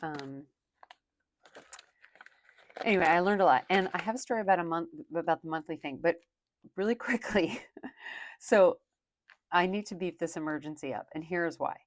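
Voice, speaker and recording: A woman's voice: lowish voice, no room sound. A young woman and working mom chatting casually while counting cash for her budget, rambling with lots of "like".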